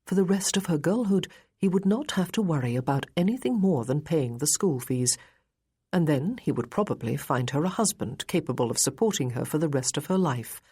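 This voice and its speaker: A woman narrating a period romance novel in a measured, even storytelling manner. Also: sits low, breathy edge. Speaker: audiobook narrator.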